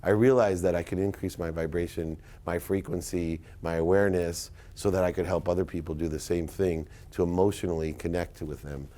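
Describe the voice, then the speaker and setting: A middle-aged man giving a motivational speech to a live audience, telling stories emphatically and swinging between loud punchlines and quiet asides. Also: deep voice, fairly even intonation, fairly quick, few pauses. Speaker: keynote speaker.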